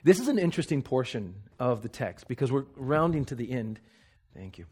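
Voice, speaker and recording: A man preaching a sermon, earnest, moving between slow, soft emphasis and quick asides. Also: medium pitch, big pitch swings, husky.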